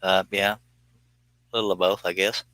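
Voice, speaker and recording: Deep, forceful-voiced man chatting casually. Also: little pitch movement, moderate pace, rough recording. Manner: joking, folksy and plainspoken. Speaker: livestream host answering chat. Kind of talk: casual livestream chat while working.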